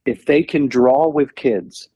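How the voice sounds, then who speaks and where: A man appears as a missionary guest on a podcast. He speaks at a middle pitch, earnest and encouraging as he asks for helpers. The recording is dry and close. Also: animated, slow, dark tone, slightly rough, no room sound. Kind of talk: casual interview.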